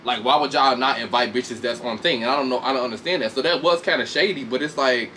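A man casually recapping a reality show fight with lots of swearing, laughter, and sudden high mocking voices. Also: quick pace, a little hiss or hum. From Chicago. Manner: animated, profane, laughs often, shifts into high mocking voices. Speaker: commentator reacting to a reality show. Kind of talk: casual chat.

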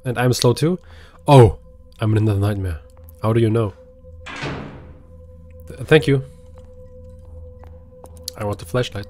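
A man's voice: lowish voice, measured pace, long pauses, dark tone, soft background music. A man giving casual let's-play commentary, chatting to the game and yelping when startled. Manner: chatty, talks to the game, jumpy yelps. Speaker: gaming video creator.

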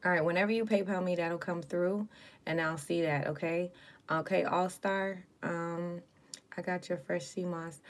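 A woman's voice: lowish voice, moderate pace. A woman giving a casual livestream tarot reading, chatting with viewers in slang and swearing now and then. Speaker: live tarot card reader.

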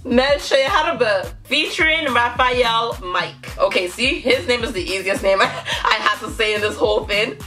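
A woman's voice: fairly high pitch, moderate pace, few pauses, bright, forceful tone, faint music behind. A woman hosting a casual reaction vlog, bubbly and giggly, gushing out exclamations to her viewers. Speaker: YouTube reaction host.

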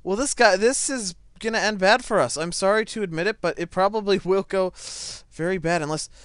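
A teenage boy giving live commentary on a game he is playing at home, excitable, laughing and stammering as things happen. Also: high-pitched, fairly quick, clear, resonant tone, dry recording, studio quality. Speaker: gaming YouTuber. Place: home, seated in a chair.

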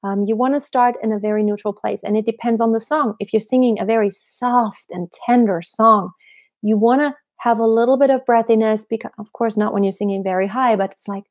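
A woman's voice: on the high side, fairly quick. A young adult woman, a singing teacher, explaining vocal technique in a live-stream lesson and answering viewers' questions, asking herself questions as she goes. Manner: explanatory, asks herself rhetorical questions, demonstrates voice placements. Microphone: computer mic on a live stream.

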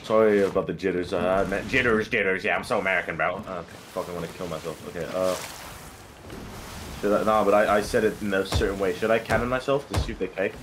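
A young man chatting with teammates while playing a game, excitable and swearing often, shouting in quick bursts. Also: deep voice, noisy background. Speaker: game streamer. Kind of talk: casual gameplay chat with teammates. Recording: game sounds of boat and water behind voice.

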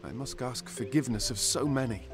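A man's voice: mid-range voice, brisk, over music, natural voice. An actor playing a naive, sheltered young man in a video game, speaking earnestly and formally. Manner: earnest, wide-eyed, formal speech.

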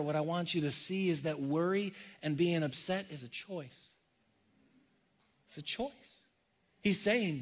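Man preaching, swinging from loud to hushed. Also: a little high, unhurried, long pauses. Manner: reads scripture aloud, repeats phrases softly for effect. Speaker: pastor. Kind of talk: sermon. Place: church stage.

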